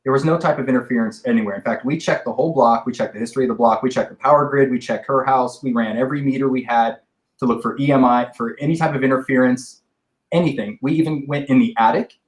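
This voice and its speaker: Casting: mid-pitched male investigator, rambling talker, roomy echo on the voice. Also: fast talker. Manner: rambling, explains with restarts. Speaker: paranormal investigator guest. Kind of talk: casual podcast discussion.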